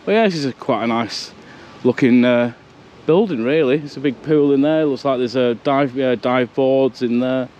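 A man's voice: medium pitch, moderate pace, a little mellow, lo-fi sound. Chatty man vlogging outdoors. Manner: chatty and rambling, with easy laughs. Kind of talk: casual walking vlog. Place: outdoors on a seaside promenade. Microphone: handheld action camera.

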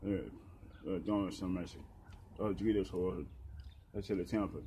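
Halting low-voiced man preaching. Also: steady tone, dark tone, a little hiss or hum. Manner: halting, filler-heavy, repetitive. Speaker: street preacher. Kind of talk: rambling preaching testimony.

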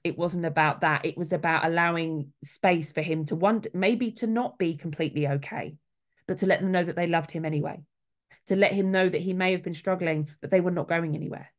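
A woman's voice: fairly low pitch, a little mellow. A middle-aged woman, a soul midwife, talking casually and earnestly, with quoted voices acted out along the way. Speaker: soul midwife, guest speaker.

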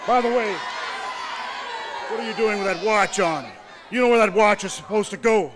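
Middle-aged guy, wrestling manager promo, threatening and boastful, pretty high voice. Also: moderate pace, a crowd in the background, background noise.

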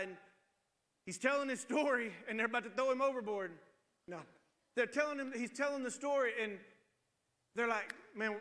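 High-voiced pastor preaching in a hall. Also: male voice, a bit bright. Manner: storytelling, rising to emphatic preaching. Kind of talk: sermon. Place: church sanctuary.

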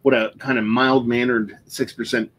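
A man's voice: medium pitch, flat delivery, normal speed, a bit bright, slight background noise. A young man co-hosting a beer tasting livestream, chatting casually with a joking, rambling, foul-mouthed manner.

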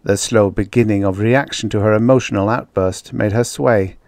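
A man's voice: on the low side, steady tone, darkish tone, dry recording. A man narrating a vintage science fiction story as an audiobook reader. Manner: slow, measured reading. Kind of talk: scripted narration.

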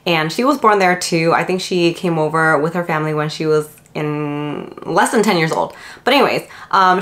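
A woman's voice: lowish voice, moderate pace, hardly any pauses, fairly bright tone. A young woman with a lisp from her retainers, chatting casually in a book vlog with lots of fillers. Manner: lisping from retainers; chatty, rambling with many fillers. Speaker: book vlogger. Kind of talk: casual chat.

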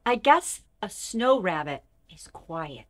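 A young adult woman hosting a toddler learning show, talking in an animated, exaggerated, sing-song way that swings between loud calls and whispers. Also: on the low side, slow pace, very noisy. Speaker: children's show host and teacher. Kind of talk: teaching toddlers first words. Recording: music playing behind.

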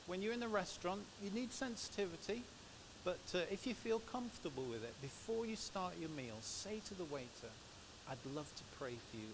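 An English man giving a church sermon into a microphone, telling personal stories in a chatty, anecdotal way. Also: on the high side. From England. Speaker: preacher. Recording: steady background hiss.

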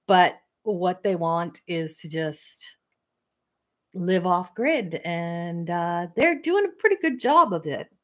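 Slow, low-voiced Canadian woman chatting. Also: fairly bright tone. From Manitoba, Canada. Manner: rambling, chatty, laughs often. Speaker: fiber arts livestream host. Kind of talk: casual chat with viewers.

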